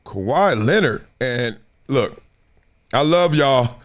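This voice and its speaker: A man hosting a sports talk stream in a casual, slangy, animated way, laughing often. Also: medium pitch, slow pace. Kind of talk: casual live-stream commentary.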